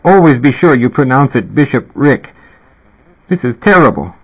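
A man reading an audiobook, voicing a giddy, mischievous young woman with a husky, raised voice, on a tinny, phone-like recording. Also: medium pitch, very animated, normal speed, pitched above the performer's own voice. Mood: giggly. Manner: giggly, conspiratorial, gushing.

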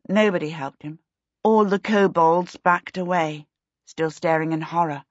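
A woman narrating a children's fantasy story with a steady, expressive reading. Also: lowish voice, unhurried, dry recording. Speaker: audiobook narrator. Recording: dull lo-fi recording.

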